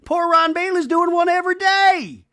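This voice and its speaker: A man's voice: very high voice, fairly even intonation, normal speed, pushed and bright, pitched above the performer's own voice. A man voicing a distraught, whiny woman reality star in a mocking impression.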